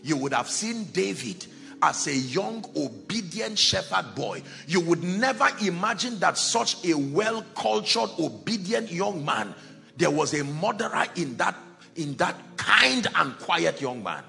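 A male preacher delivers a dramatic sermon, his gravelly, bright voice rising into loud exclamations and dropping to low, quiet lines. His pitch is lively and full of movement. Soft music plays faintly behind him. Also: unhurried.

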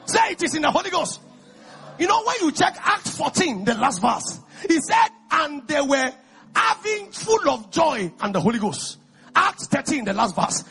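A Nigerian man from Ekiti preaching an exuberant sermon, calling out to the congregation and often shouting. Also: very high-pitched. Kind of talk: lively sermon.

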